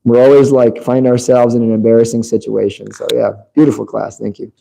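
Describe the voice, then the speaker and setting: Male devotee commenting, very dark mellow voice, animated storyteller. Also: medium pitch, brisk, vocal fry, low-quality recording. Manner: animated, tells stories with quoted dialogue. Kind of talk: anecdotal storytelling.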